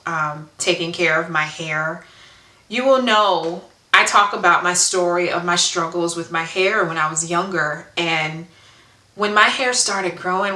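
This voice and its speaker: A woman tells a personal hair story to the camera in a casual home vlog. Her voice is bright and a little low, with earnest feeling and many ums as she checks her notes. The room around her sounds echoey. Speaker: hair vlogger.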